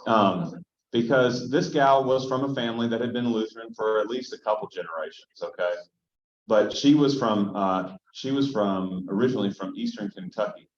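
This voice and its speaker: A man's voice: lowish voice, moderate pace. A male pastor teaching a casual Bible study, talking conversationally and often checking in with his listeners. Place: church hall. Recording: roomy, dull lo-fi room sound.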